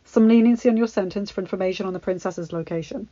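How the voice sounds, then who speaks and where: A woman voicing a young prince in a storybook reading, stern and trying to stay calm, with a dry, muffled sound. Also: medium pitch, fast talker, no room sound, lightly acted. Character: young prince, earnest and strained, commanding.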